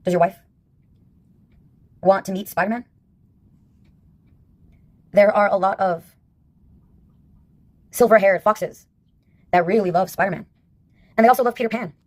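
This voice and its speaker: A woman in her fifties telling stories in a casual monologue, wry and sarcastic, laughing at her own anecdotes. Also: medium pitch. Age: 50s. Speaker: vlogger.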